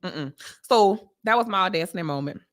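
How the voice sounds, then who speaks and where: A woman, co-hosting a casual chat show and telling a blunt, animated story with frequent laughter. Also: lowish voice, a little fast. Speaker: podcast co-host.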